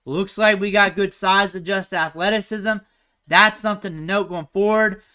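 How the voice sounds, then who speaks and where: A young man giving casual, chatty commentary over football highlight film, thinking aloud and trailing off quietly at the ends of his sentences. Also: steady tone, normal speed, clear, resonant tone. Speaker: recruiting analyst host.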